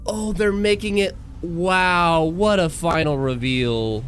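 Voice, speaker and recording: A man's voice: high voice, takes it slowly, crowd noise. A man reacting live to a video, breathless, saying dude often. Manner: breathless, says dude a lot.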